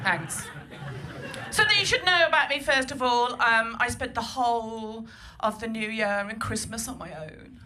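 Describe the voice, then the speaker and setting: A woman's voice: on the high side, moderate pace, crowd noise. A woman from Birmingham with a Birmingham accent, performing a bawdy stand-up set and teasing the audience. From Birmingham, England. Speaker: stand-up comedian. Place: comedy club stage.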